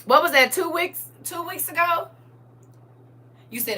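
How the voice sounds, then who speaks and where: Bright-voiced woman chatting live with viewers. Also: high-pitched, a little slow, pauses often, recorded from a distance. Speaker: livestream host. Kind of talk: casual live chat with viewers.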